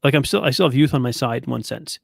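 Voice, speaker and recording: A man in his thirties hosting a casual podcast interview, talking in a loose, rambling way and cracking jokes. His voice is gravelly with a lot of fry, and it sits at an ordinary pitch. The sound is close and dry. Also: quick pace, dry recording. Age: 30s. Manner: chatty, rambling, jokey. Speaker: podcast host.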